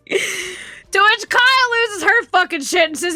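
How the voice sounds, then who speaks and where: Bright, high-voiced woman streamer. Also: takes it slowly, long pauses, no echo, soft background music. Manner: laughing storytelling, profane. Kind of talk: casual chat.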